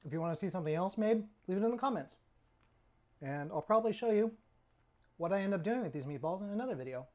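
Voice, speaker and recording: A man's voice: high-pitched, lively intonation, quick pace, darkish tone. A middle-aged man from California, hosting his own cooking channel in a chatty, rambling way with self-mocking jokes, sometimes talking while he eats. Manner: talks while eating. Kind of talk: casual cooking vlog.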